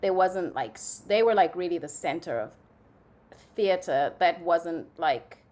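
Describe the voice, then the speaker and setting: A young woman from Zimbabwe, a playwright and actress, telling stories in a casual interview, animated and full of "like" fillers. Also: lowish voice, a little slow. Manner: animated storytelling, many "like" fillers, acts out quotes.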